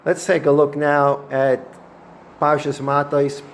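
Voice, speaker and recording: A man's voice: fairly high pitch, little pitch movement, slow pace. A man, a rabbi, gives a weekly Torah lesson, telling the stories with animation and dropping Hebrew and Yiddish terms. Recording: echoey room with faint noise.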